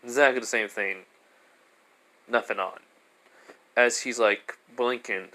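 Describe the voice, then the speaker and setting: A man's voice: mid-range voice, fairly even intonation, slow, bright, forceful tone. A man casually improvising a fan story, rambling with lots of fillers and restarts.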